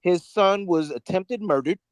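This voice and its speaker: A man's voice: sits high, unhurried. A man on a boxing panel, making wry, joking remarks in casual talk.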